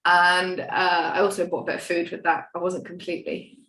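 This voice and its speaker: A woman's voice: on the low side, completely flat delivery, a little fast, fairly bright tone. A young woman from the United Kingdom, a podcast guest telling her story in a candid, rambling, self-mocking way and swearing now and then. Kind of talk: casual storytelling chat. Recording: roomy echo.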